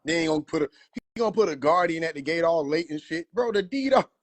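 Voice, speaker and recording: A man's voice: fairly high pitch, lively intonation, fast talker. A man riffing in a casual livestream, profane, slangy and laughing often. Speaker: livestream host.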